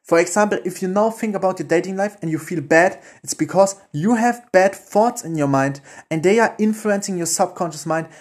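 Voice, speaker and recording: A man with a German accent hosting a motivational podcast, enthusiastic and casual with his swearing, often dropping to a hushed voice as he walks through a guided visualization. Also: sits high. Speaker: podcast host.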